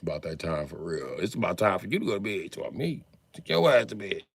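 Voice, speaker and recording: A man's voice: deep voice, sing-song, quick pace, vocal fry, slightly rough, no echo. A man in his forties chatting casually on a livestream, answering viewers with profane, slangy, joking banter. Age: 40s.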